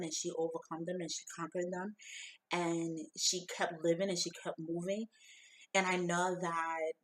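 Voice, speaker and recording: A woman's voice: fairly low pitch, low-quality recording. Emotional woman sharing a personal testimony. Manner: emotional, heartfelt, full of fillers like "like" and "you know". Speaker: founder of a women's empowerment group.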